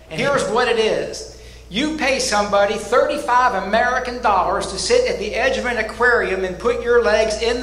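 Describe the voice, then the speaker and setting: Middle-aged stand-up, high voice, dry storytelling, roomy club with a faint hum behind. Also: male voice. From Louisville, Kentucky. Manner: deadpan storytelling with punchline pauses. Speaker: stand-up comedian. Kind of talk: stand-up comedy set. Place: comedy club stage. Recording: echoey room with faint ambience.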